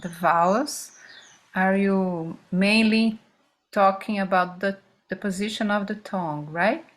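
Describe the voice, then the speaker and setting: Woman, student, hesitant, mid pitch, many fillers. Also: takes it slowly. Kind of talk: asking questions in class.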